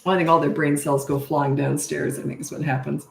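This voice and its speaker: Animated self-mocking woman coach. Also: sits low, brisk, creaky, roomy sound. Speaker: parenting coach. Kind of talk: casual storytelling Q&A.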